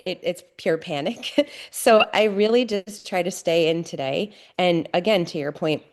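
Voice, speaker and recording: A middle-aged woman guesting on a podcast tells her family story with candor, in an earnest, stop-and-start manner marked by many restarts. Her pitch is fairly low.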